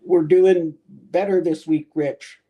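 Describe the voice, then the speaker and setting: A man's voice: a little high, steady tone, takes it slowly, dull audio. A man co-hosting a casual livestream, cracking jokes and recalling his time in the service. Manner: wisecracking, reminiscing about his service. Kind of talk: casual chat.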